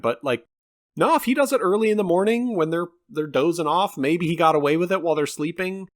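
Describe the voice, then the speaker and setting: A man co-hosting a podcast, chatting casually about a film in an animated, rambling way with some swearing. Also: high voice, fast talker. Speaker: podcast co-host. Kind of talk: casual film review chat.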